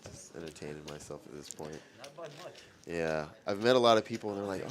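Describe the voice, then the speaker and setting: A man from Dallas giving casual color commentary on poker, chatty and joking with quick reactions. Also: low voice. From Dallas, Texas.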